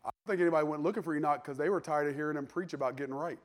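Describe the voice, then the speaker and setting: A man preaching a sermon with a voice that sits a little high for a man. He talks in a loose, conversational way, dropping in joking asides. His pitch and volume leap up suddenly when he makes a point. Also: rapid-fire. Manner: animated, with sudden jumps in pitch and loudness.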